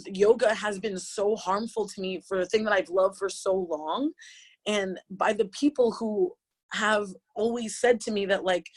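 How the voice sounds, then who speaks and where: On a panel, a yoga teacher in her late twenties gives emotional personal testimony while crying. Her mid-range voice is impassioned and halting, full of restarts.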